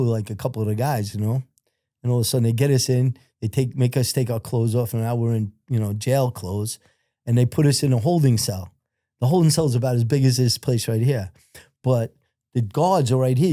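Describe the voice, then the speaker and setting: Middle-aged male guest, mellow low tone, profane storyteller with a dead, dry sound. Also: dry recording. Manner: profane, acts out other people's shouted lines; rambling, repeats filler phrases. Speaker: podcast guest. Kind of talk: casual storytelling.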